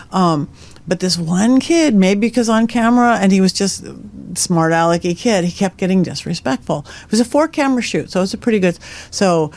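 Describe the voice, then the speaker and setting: Middle-aged woman telling ghost stories on a podcast, lively, chuckles along as she goes. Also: medium pitch. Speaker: podcast guest, psychic medium. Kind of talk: animated storytelling in conversation.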